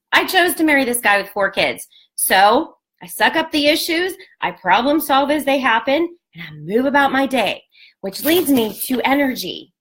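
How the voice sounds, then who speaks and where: A woman in her forties gives a casual pep talk to fellow beauty distributors. Her voice sits a little on the high side, and she speaks bluntly and candidly, cursing freely as she urges them to stay positive. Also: lively intonation, measured pace, fairly bright tone. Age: 40s. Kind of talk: casual motivational talk to a sales team.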